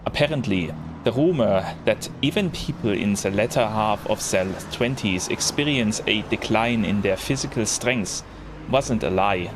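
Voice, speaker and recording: A man with a fairly low, natural voice reads visual novel narration unhurriedly, playing a weary, overworked man in his late twenties in a put-on heavy foreign accent. The mood is tired and reflective, with noise in the background.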